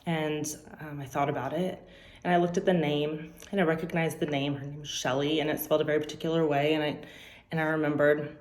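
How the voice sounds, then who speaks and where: A woman in her forties, a teacher giving an earnest, halting church devotional with frequent ums. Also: low voice, little pitch movement, darkish tone, reverberant. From California. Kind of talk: personal devotional talk.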